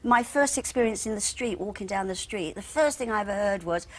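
A woman's voice: mid-range voice, expressive. Chatty older woman telling stories. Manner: gossipy storyteller, quick asides, lots of "you see". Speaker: guest. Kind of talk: chatty TV studio interview. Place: TV studio sofa.

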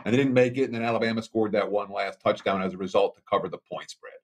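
A man's voice: lowish voice, fast talker. A man analyzing a game on a sports betting panel, telling it as a story with a chuckle here and there. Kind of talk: casual panel talk.

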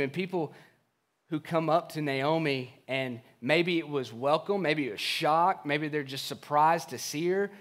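A man with a slightly higher voice preaches to his congregation. He retells scripture in everyday speech, earnest and vivid, and drops softer when he voices the characters. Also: normal speed. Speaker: pastor. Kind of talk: sermon.

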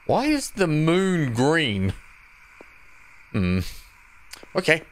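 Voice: medium pitch, huge pitch swings, very slow. A gaming channel host giving jumpy, joking commentary while playing a horror game, laughing and narrating every move.

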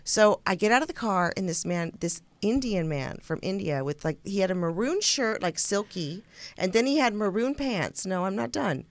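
A woman's voice: medium pitch, expressive, normal speed, few pauses, no room sound. A woman co-hosting a talk show, telling a rambling story in a casual chat with many restarts. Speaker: co-host.

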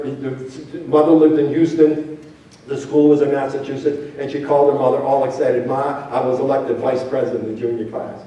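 An older man, a former teacher, giving a storytelling talk to parents, often dropping low and quiet to act out what people say. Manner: storytelling, acts out quotes, drops low and quiet for emphasis. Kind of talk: speech to an audience. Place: large hall with an audience. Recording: very echoey hall, voice from far off.

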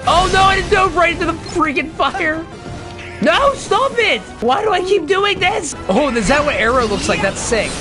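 A woman streaming a video game, commenting excitedly as she plays, often laughing at herself and breaking into shouts. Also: normal speed. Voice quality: high, lively voice that jumps into shouts and laughs. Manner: gushing and giddy, laughing at herself. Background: game music.

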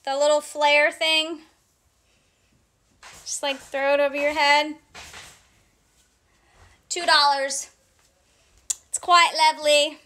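A woman with a very high, bright voice runs a casual live clothing sale. She talks unhurriedly, chatting to her viewers as she reads out sizes and prices one by one. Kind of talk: casual live-stream selling chat.

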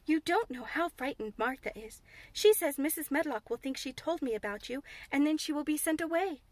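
Woman playing a high little girl, blunt and curious, earnest, dry close sound. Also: lively intonation, moderate pace, a little mellow, no echo.

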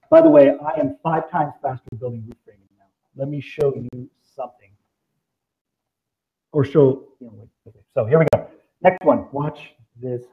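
Excitable man demoing software. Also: fairly high pitch, moderate pace. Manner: excitable, exclamatory, full of sound effects. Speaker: presenter. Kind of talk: live software demo talk. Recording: dull lo-fi presentation recording.

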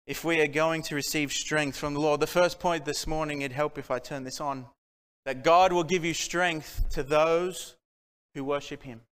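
A man from Australia delivers a sermon in a bright, high voice with a smooth, resonant tone. He preaches earnestly, pressing his point with rhetorical questions. Long reverb from the church hall trails each phrase.

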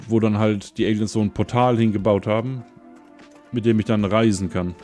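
A man from Germany casually commenting as he plays a video game, relaxed and musing to himself. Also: lowish voice, a little fast, faint music behind. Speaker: let's play streamer.

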